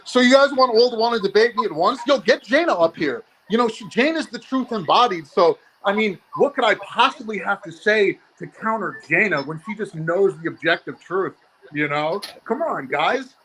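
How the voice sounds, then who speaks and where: A man's voice: high voice, animated, moderate pace, fairly bright tone, slight background noise, poor audio. A man calling into a live podcast from home, arguing back in a sarcastic, defensive, challenging way. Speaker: guest on call-in. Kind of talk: heated live debate.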